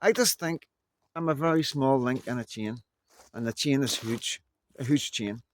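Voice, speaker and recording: Speaking at normal speed in a medium-pitched voice, a man from Belfast, Northern Ireland chats casually to the camera for his vlog, indoors in Scotland. His rambling talk is full of "you know what I mean," and there's a little hiss or hum on the recording.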